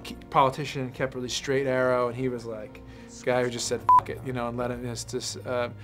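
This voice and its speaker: A man's voice: medium pitch, level tone, fairly quick, fairly bright tone. Guy in his 30s rambling thru an interview, lots of uh and you know, faint music behind. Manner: rambling, full of fillers and restarts. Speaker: actor promoting a film. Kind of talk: casual interview chat.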